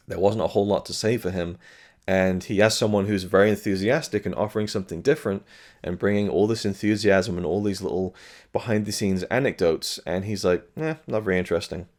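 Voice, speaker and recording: Hosting his own channel, a man reviews a new film release in a low, slightly mellow voice at a fairly quick pace. He's frank and chatty, using fillers and making blunt remarks.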